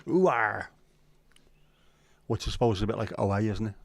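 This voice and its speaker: A man's voice: lowish voice, little pitch movement, very fast, dark tone. A man with a Liverpool accent hosting a livestream, chatting casually and bluntly with plenty of swearing while reading viewer comments. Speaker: livestream host.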